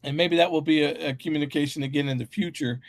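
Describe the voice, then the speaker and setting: A man co-hosting a podcast in a casual chat, his voice sitting a bit higher than most men's. He talks emphatically and riffs with humorous asides, recorded dry and close on a podcast mic. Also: steady tone, fast, no room sound. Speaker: podcast co-host.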